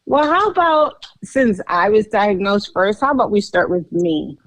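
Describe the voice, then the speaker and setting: A woman's voice: mid-range voice, very animated, a little slow, no room sound. A woman co-hosting a podcast, telling her own story in a candid, chatty way. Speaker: podcast co-host.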